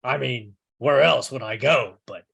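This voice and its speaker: A man at a tabletop game talks bluntly and gruffly, often speaking in character. His voice has a gravelly fry but a bright, forceful edge. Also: medium pitch, unhurried. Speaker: player.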